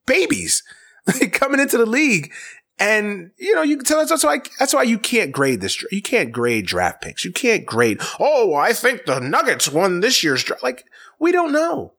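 A man's voice: sits high, wildly swooping pitch, normal speed, vocal fry, fairly bright tone. A man hosting a casual sports talk show, ranting in an exasperated, profane way and repeating his points. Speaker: sports podcast host.

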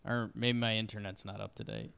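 A young man co-hosting a podcast in casual sports chat, relaxed and joking, often answering briefly. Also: fairly low pitch, a little fast, vocal fry, clean tone. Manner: relaxed, joking, short replies. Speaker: podcast co-host.

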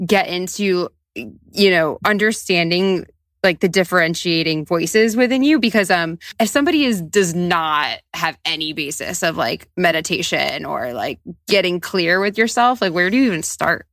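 A woman's voice: fairly low pitch, moderate pace, a bit bright, no echo, studio quality. A woman hosting a casual interview, asking loose, filler-filled questions and laughing along. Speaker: podcast host.

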